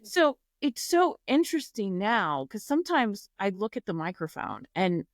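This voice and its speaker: A woman guest on a podcast, a foundation founder speaking reflectively in casual conversation, often pausing with "you know". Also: mid-range voice, very animated, dry recording, clean studio sound. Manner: reflective, halting, many "you know" fillers.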